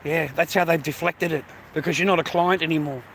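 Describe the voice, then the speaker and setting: An Australian man on a casual livestream, grumbling and cursing at his viewers with frequent laughs. His voice sits high for a man and sounds bright and forceful. A faint hiss runs under it. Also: steady tone, brisk. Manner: swearing, griping, laughs often. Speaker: live streamer.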